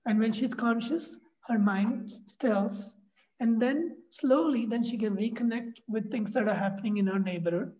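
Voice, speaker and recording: A man leading a workshop, explaining ideas in a lively way and acting out anxious inner voices. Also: very high voice, normal speed. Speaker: workshop facilitator. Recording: dull lo-fi sound.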